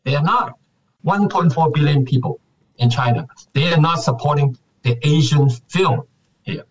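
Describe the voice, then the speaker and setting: Older man, husky voice, a bit far from the mic, passionate rhetorical questions. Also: on the high side, normal speed, dull audio. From Hong Kong. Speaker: guest actor. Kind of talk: casual interview chat.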